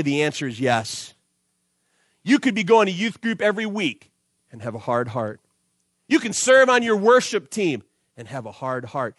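A man's voice: high-pitched, no room sound, clean studio sound. A man preaching a sermon to young people, telling a personal story with acted-out dialogue and closing in prayer. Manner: storytelling, animated, acts out dialogue. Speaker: pastor.

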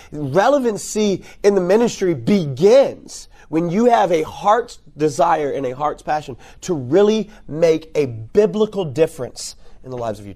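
A man speaking to youth ministry workers at a conference. He talks in an animated, conversational way, keeps checking in with "right?", and makes jokes. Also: fairly high pitch. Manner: jokey, repeats key words for emphasis.

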